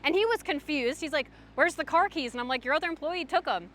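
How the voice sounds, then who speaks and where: A young woman livestreamer telling a story in casual chat, animated and full of fillers. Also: high-pitched, fast talker, a little hiss or hum. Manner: chatty, animated, frequent "like" fillers.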